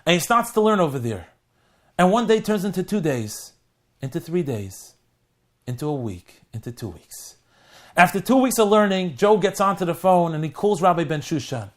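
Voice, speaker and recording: A rabbi tells a story in a fairly high male voice. He moves from ringing emphasis down to near-whispered moments for drama. It is a heartfelt spoken appeal. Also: very animated, normal speed. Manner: dramatic, swings between loud and hushed.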